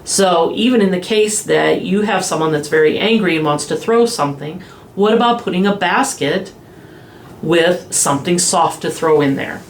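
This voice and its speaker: A woman specialist in children's behavior explaining calming strategies in a podcast interview, slowing down gently when she models soothing phrases. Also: on the low side, a little hiss or hum. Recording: echoey room with faint ambience.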